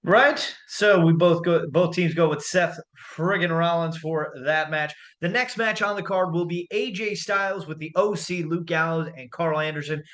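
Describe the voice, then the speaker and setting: A man's voice: fairly high pitch, moderate pace, few pauses, a bit bright. A man hosting a comedic wrestling predictions show with hammy announcer flair. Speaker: host.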